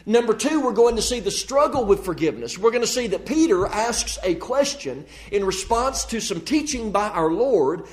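High-voiced man preaching a sermon. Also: very animated. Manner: measured, deliberate, with emphatic pauses. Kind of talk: sermon with scripture reading.

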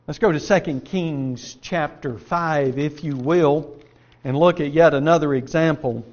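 A man's voice: a little high, measured pace, a little mellow, highs cut off. A man preaching a sermon and reading scripture aloud, earnest and folksy, asking his listeners rhetorical questions.

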